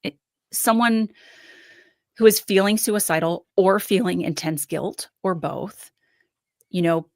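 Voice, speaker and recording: A woman's voice: lowish voice, slow, long pauses, no room sound, studio quality. A woman guest on a podcast, talking through her analysis in a thoughtful, hedging way with frequent restarts. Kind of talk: casual analytical discussion.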